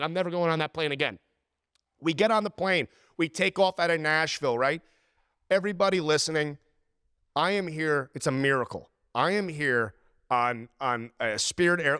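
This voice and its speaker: A man with a fairly high, clear and smooth voice tells a story on a podcast with exasperated energy. His voice is close and dry, with no room sound. He talks casually, as if to a friend. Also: bright, forceful tone, dry recording. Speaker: podcast host.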